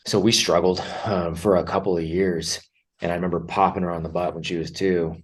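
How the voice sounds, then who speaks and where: A middle-aged man with a low, deep voice speaks as a podcast guest. He talks earnestly and reflectively, circling back with fillers and restarts as he shares personal stories. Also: level tone, fairly quick, husky. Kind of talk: candid conversational storytelling.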